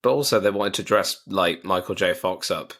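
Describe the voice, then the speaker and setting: A man's voice: low voice, moderate pace, a bit bright. A man co-hosting a podcast, joking around about films and joining the banter. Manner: jokey, joins jokes with silly put-on voices. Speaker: podcast co-host. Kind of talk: casual film discussion.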